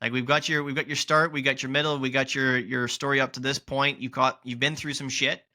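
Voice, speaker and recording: Bright-voiced man hosting a podcast. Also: medium pitch, little pitch movement, fairly quick. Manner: emphatic, repeats key points for stress. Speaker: podcast host. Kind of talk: conversational interview.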